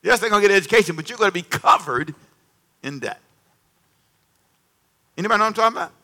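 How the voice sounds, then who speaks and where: A male preacher giving a lively sermon, calling out questions to the congregation and acting out dialogue with sudden drops and rises in volume. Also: sits high, fast talker. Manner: animated, call-and-response with congregation; acts out dialogue with varied volume.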